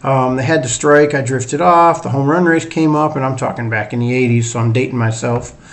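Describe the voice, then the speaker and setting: A middle-aged man speaks fairly quickly at medium pitch while hosting a casual solo sports podcast. He's rambling, chatty, and self-deprecating, and his accent combines a Northern US sound with a Southern drawl.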